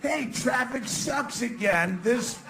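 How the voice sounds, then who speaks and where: A male stand-up comic with a high, gravelly voice rants sarcastically on stage. He takes his time between punchlines and bursts into mock shouts. The crowd's laughter carries through the live club recording. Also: expressive, takes it slowly, rough recording. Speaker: stand-up comedian. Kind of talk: stand-up comedy set. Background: audience laughter.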